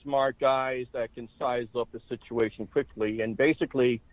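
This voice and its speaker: A man in his sixties, from Ireland, tells his story over a tinny, dry phone line. His delivery is steady and even. The sound is narrow and boxy, with no room around it. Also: mid-range voice, normal speed, dry recording. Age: 60s. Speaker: interview guest. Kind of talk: recounting his life story. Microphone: telephone.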